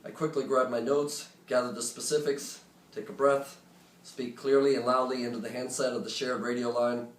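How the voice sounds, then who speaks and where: Male storyteller, conversational and animated, on stage. Recorded distant and echoey. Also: medium pitch, moderate pace. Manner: conversational, animated, joking asides. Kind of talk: live personal storytelling to an audience. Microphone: phone or camera recording from the room. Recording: roomy, distant, faint ambience.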